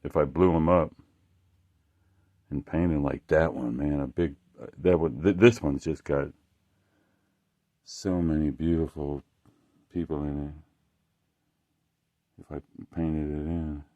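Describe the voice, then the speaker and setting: A man's voice: very deep voice, steady tone, slow, long pauses, warm tone, lo-fi sound. A man talking casually about his art in a rambling, profane way, often stopping and restarting mid-sentence. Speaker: artist showing his work.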